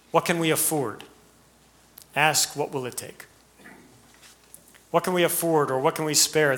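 A man's voice: medium pitch, bright, forceful tone. A man with an American accent, a pastor giving an earnest sermon full of rhetorical questions and rising emphasis.

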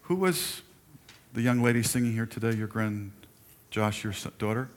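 An older male pastor with a very low voice delivers a sermon in a church. He preaches in a loose, conversational way, pausing for friendly asides to the people in the pews. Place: church sanctuary.

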